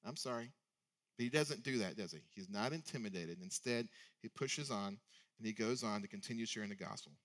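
A man's voice: fairly low pitch, brisk, fairly bright tone. A male preacher giving a sermon in a conversational way, often asking rhetorical questions.

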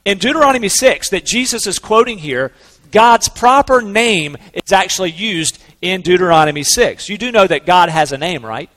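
A man preaching a sermon in an earnest, conversational way, slowing down to stress key words. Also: sits high, lively intonation, a bit bright, big-room sound. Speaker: pastor.

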